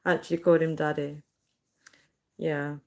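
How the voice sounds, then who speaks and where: Young woman livestream host, somewhat low voice, rambling and giggly casual chat. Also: level tone, normal speed, creaky, a little mellow. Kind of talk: casual live chat reading comments.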